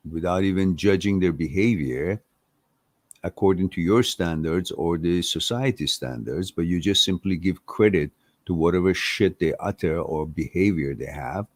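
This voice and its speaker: A man hosts a live advice stream, talking bluntly with plenty of swearing and laughter. His voice is fairly low and slow. The sound is dry and close. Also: a little mellow, no room sound. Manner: blunt and profane, laughs often.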